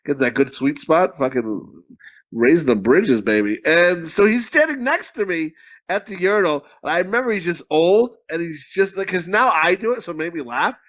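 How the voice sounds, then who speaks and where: A man's voice: on the high side, lively intonation, normal speed, fairly bright tone. A man co-hosting a podcast, rambling through crude stories with lots of fillers and profanity. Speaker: podcast co-host. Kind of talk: casual crude comedy chat.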